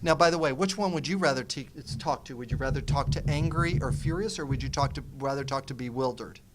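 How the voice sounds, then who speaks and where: A middle-aged man with a mid-range voice talks fast over a noisy background. Teaching nonviolent communication on a panel, he recounts something from his own life and lively acts out each side of the exchange.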